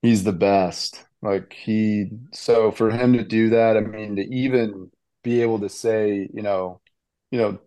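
A man in his thirties with a fairly low voice tells a story in a casual interview, excited and rambling, stacking fillers and restarts. The sound is dry and close, with no room around it. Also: a little slow, no echo. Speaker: baseball player guest.

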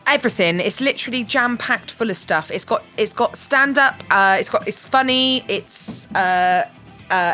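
A woman's voice: on the high side, sharp tone. A woman comedian chatting as a radio guest, jokey and rambling with many fillers. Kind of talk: casual radio interview.

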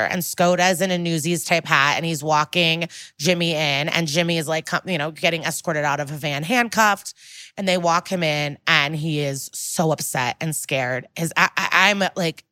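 A woman co-hosting a podcast, casually recapping a TV episode in animated detail, full of "like" and "um" and the odd swear word. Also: sits low, normal speed, no echo. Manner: animated retelling with acted quotes and casual swearing; frequent fillers like "like" and "um". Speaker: podcast co-host.

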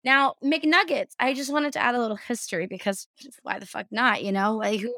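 A woman's voice: medium pitch, fast, a bit bright, no echo. A woman hosting a podcast, chatting casually and reading out a news story with sarcastic, swearing asides. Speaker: podcast host.

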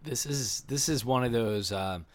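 A man's voice: mid-range voice, measured pace. A man co-hosting a casual sports podcast, rambling with hesitant restarts.

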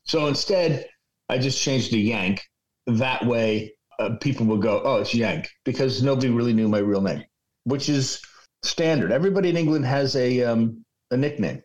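A man's voice: mid-range voice, normal speed, a little mellow, low-quality recording. A man in his sixties telling rambling, profane anecdotes as a radio guest over a video call. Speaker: radio program director guest. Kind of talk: storytelling interview.

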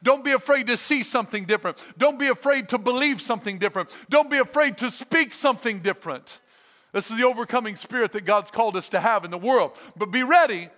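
A man preaching a sermon as a pastor, emphatic and energetic, repeating his phrases for effect. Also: extremely high pitch, quick pace, long reverb tail. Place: church sanctuary.

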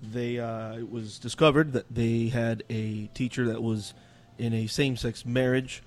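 A man's voice: medium pitch, steady tone, a little slow. A man on a podcast panel, laid-back and plain-spoken in casual chat.

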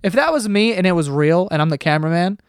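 A man's voice: sits high, fast talker, clean tone, no echo, studio quality. A man hosting a podcast, ranting casually with lots of swearing and sarcasm. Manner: profane, sarcastic, animated ranting. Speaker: podcast host.

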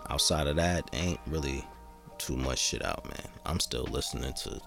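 A man's voice: rumbling low, moderate pace, gravelly, over music. A man hosting a podcast, talking in a laid-back, rambling way and swearing freely. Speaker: podcast host. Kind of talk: casual podcast chat.

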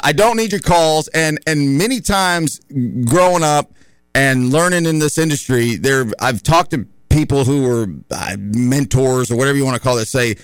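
A man's voice: mid-range voice, dry recording. A man hosting a radio talk show, talking in an opinionated, conversational and rambling way in a studio.

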